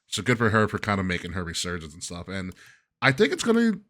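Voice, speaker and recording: Bright-voiced man chatting on a podcast. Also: low voice, huge pitch swings, fast talker. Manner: laughs often, loose and jokey. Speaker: podcast host. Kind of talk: casual chat.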